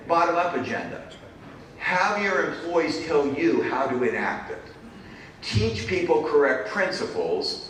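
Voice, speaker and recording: A man's voice: a little high, fairly bright tone. A middle-aged man giving a conference keynote, speaking in punchy short phrases with dry humor. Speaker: keynote speaker, business professor. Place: large conference hall. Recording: echoey hall, distant mic, faint noise.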